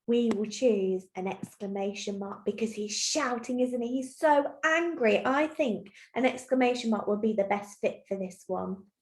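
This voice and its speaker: A woman teacher giving a recorded lesson to young children, explaining clearly and patiently step by step. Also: on the high side, moderate pace, few pauses, darkish tone. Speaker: primary school teacher. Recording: roomy echo.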